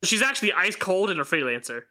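Male co-host from New York, matter-of-fact pushback, very bright tone. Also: high voice, sing-song, quick pace. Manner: contrarian, dry and matter-of-fact. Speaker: podcast co-host. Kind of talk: casual chat.

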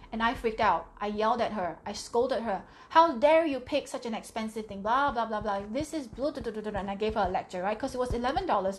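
A woman's voice: on the high side, slight background noise. Candid, emphatic middle-aged woman. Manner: candid, emphatic, repeats phrases. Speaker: money mindset vlogger. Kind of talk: casual talk to camera.

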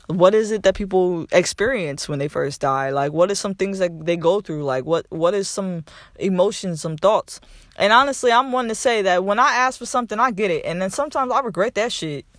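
A man's voice: high-pitched, fairly bright tone, no room sound, clean studio sound. A young man hosting a podcast, giving a casual motivational talk and repeating phrases for emphasis with casual swearing. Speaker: podcast host.

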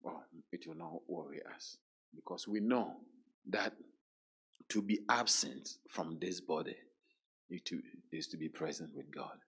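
A man preaching a sermon, emphatic, repeating words and dropping into hushed quotes. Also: deep voice, unhurried, breathy edge.

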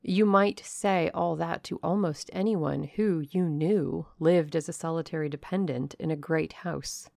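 A woman's voice: sits low, fairly even intonation, a little slow, vocal fry, few pauses, a little mellow, no echo, clean studio sound. A woman voicing a composed young woman who answers in a cool, curt, skeptical way. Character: composed young woman, calm and dryly unimpressed.

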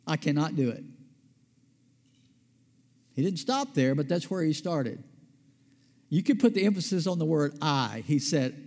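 A man with a fairly high voice preaches a sermon, talking to his congregation conversationally and tossing out questions he answers himself. His words ring out with the long reverb of a large hall. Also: lively intonation, measured pace, pauses often, darkish tone. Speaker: pastor.

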